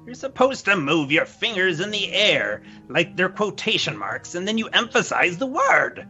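A man's voice: sits high, very animated, normal speed, bright, forceful tone, dull audio, soft background music, full character voice. A man voicing a blind, cryptic old moth priest who speaks in ominous rhymes, in an audio drama. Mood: cranky. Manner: cryptic rhyming prophecies, cranky.

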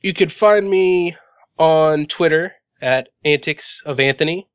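A man's voice: a little high, takes it slowly, fairly bright tone, smooth, no room sound. Laid-back man on dull lo-fi audio. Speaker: podcast guest. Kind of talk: casual podcast chat.

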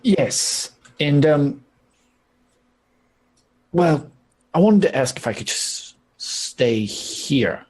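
A man voicing a nervous, overly polite townsman who talks in halting, hesitant bursts full of ums. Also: fairly high pitch, big pitch swings, a little mellow, breathy edge, exaggerated voice, poor audio. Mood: pleading.

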